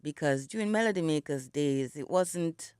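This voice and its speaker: Animated and at normal speed, a middle-aged Jamaican woman, a singer appearing as a radio guest, speaks in a deep, slightly mellow, clean voice. Still sounding like morning and not yet warmed up, she reflects and tells stories with many "you know" fillers. There's no room sound, only clean studio audio.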